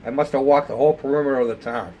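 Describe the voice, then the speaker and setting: A man's voice: mid-range voice, fairly even intonation, very fast, muffled recording, slight background noise. An older man telling a casual, rambling story about building model ships, with plenty of fillers. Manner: rambling, conversational, with many fillers.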